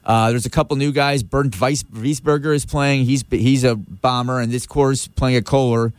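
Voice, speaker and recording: A man's voice: medium pitch, fairly even intonation, clear, resonant tone, dry recording. Chatty male radio host. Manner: chatty, full of restarts and quick asides. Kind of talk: casual radio chat. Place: radio studio.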